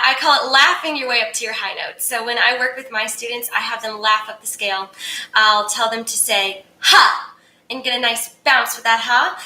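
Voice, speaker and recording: Upbeat woman voice coach, bright tone, echoey room, faint ambience. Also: on the high side, slight background noise. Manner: upbeat, demonstrates exercises by singing. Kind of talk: casual singing lesson, reading viewer questions.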